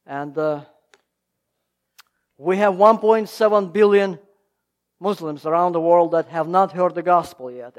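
High-voiced preacher, emphatic rises and hushes. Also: male voice. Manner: emphatic, rising and falling in volume. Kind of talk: sermon.

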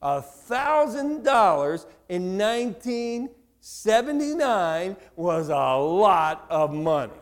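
Guy in his 60s telling his testimony, acts out all the voices, kinda high-pitched. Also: takes it slowly. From Newark, New Jersey area. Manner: animated, acts out dialogue, self-mocking humor. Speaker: preacher giving his testimony. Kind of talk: testimony sermon storytelling.

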